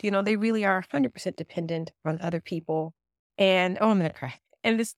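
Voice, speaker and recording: A woman's voice: mid-range voice, no room sound, studio quality. A woman hosting a podcast interview, talking in an earnest, confessional way about her own experience. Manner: earnest, confessional, emotional at times. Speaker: podcast host and therapist. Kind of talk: candid conversational interview.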